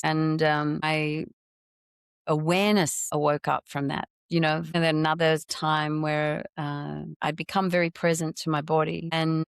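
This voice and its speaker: A middle-aged woman, a podcast guest, telling a personal story in an earnest, expressive way, often stopping to restart her sentences. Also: low voice, clear, resonant tone, no room sound, clean studio sound. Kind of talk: reflective personal storytelling in conversation.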